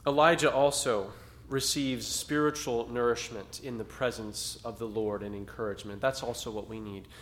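A pastor preaches to a small congregation in a conversational style, rising at times to dramatic emphasis. His medium-pitched voice has fairly even intonation, a moderate pace, and a fairly bright tone.

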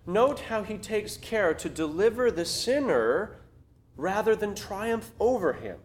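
A man preaching a sermon, telling a story in a conversational, animated way. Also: sits high, measured pace. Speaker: pastor.

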